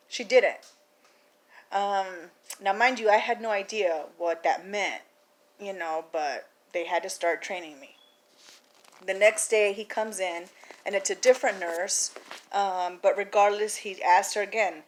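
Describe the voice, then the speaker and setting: A woman telling a story in a casual vlog, animated, acting out the people in it and laughing often. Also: mid-range voice, unhurried. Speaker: vlogger.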